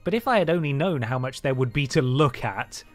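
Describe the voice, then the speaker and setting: A man voicing a clever, quick-witted male rabbit in a storybook read-aloud on a livestream, speaking in a raised, earnest, explaining tone. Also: medium pitch, animated, soft background music, natural voice.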